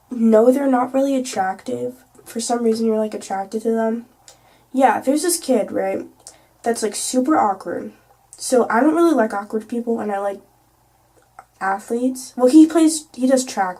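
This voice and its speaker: A woman's voice: fairly high pitch, vocal fry, dark tone, breathy edge. A teenage girl telling a casual storytime vlog, chatty and full of "like" and "you know". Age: teens. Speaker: vlogger.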